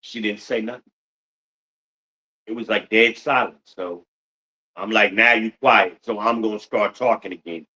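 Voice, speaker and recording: A man's voice: on the low side, measured pace, long pauses, pushed and bright, dull audio. A middle-aged man hosting a podcast in a blunt, profane ranting monologue, full of rhetorical questions to his listeners. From United States. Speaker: podcast host.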